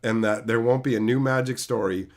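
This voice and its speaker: A young male streamer with a medium-pitched, brisk voice rants on a livestream, letting loose angry, sarcastic and profane outbursts.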